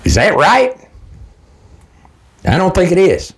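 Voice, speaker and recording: A man's voice: high-pitched, huge pitch swings, takes it slowly, breathy edge. A man delivering a heated, blunt, profane political rant straight to his audience, hammering his points by repeating them. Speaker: political commentator. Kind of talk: direct-to-camera political rant.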